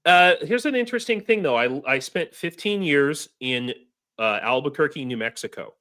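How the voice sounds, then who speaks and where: A man's voice: on the high side, animated, normal speed, pushed and bright. An American man in a casual online roundtable, talking in a rambling way with restarts. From United States. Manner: rambling, many restarts and fillers. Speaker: show regular.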